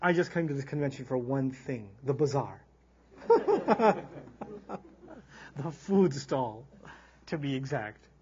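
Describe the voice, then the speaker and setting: A man giving a humorous Quran lecture as a teacher, animated and acting out characters as he tells stories. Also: mid-range voice, slow pace, long pauses, dull audio, noisy background. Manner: animated storyteller, acts out quoted characters. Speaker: Islamic teacher.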